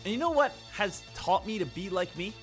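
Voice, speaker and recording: A man with a high, bright-toned voice giving an emphatic live-stream talk about trading. He lectures his viewers and hammers points home by repeating himself. Faint music plays underneath. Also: lively intonation, brisk.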